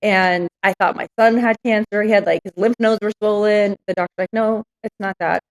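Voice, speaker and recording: A woman's voice: mid-range voice, fairly even intonation, fairly quick, low-quality recording. Frank reflective woman interview guest. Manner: frank and reflective, full of fillers. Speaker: business owner guest. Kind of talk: candid interview storytelling.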